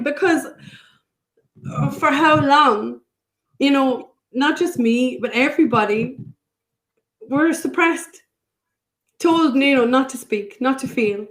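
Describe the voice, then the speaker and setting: A woman's voice: high voice, slow, long pauses, fairly bright tone, rough recording. A woman, a podcast guest, chatting casually with laughter and a teasing, self-deprecating manner, and sounding a little tired and unwell. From Ireland. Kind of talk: casual conversation.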